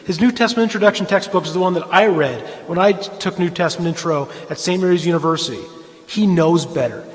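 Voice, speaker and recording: A man's voice: sits high, long reverb tail. A man giving an impassioned, emphatic lecture in a church, often restarting his sentences. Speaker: speaker.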